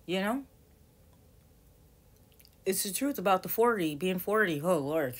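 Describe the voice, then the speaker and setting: A woman in her forties teaching tarot casually, rambling and correcting herself as she goes. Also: mid-range voice. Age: 40s. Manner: rambling, self-correcting, chatty.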